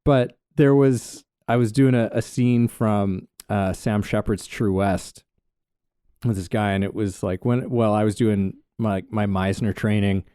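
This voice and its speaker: Man recalling a story on a podcast, mellow voice, dry close mic, lots of "like" and restarts. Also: lowish voice, fairly even intonation, unhurried, clear, resonant tone, no echo. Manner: storytelling, hesitant, many fillers. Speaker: podcast co-host. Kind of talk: casual conversational podcast.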